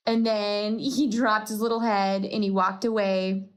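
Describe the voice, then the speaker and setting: A woman's voice: medium pitch, steady tone, normal speed. A woman hosting a podcast, telling a personal faith story in a reflective way and laughing at herself now and then. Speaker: podcast host.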